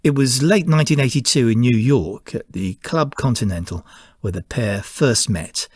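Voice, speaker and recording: A man hosting a music podcast, reading scripted narration in a measured, informative way. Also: medium pitch, darkish tone, slightly rough, no echo, clean studio sound. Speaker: podcast host.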